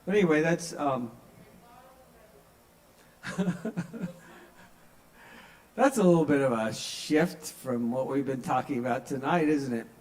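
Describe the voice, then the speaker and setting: A man's voice: medium pitch, slow pace, pauses often, darkish tone, poor audio. A man under forty-five doing a stand-up set at an open mic in a small bar, telling stories in a loose conversational way and acting out the people in them. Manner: conversational storytelling, acts out quoted voices.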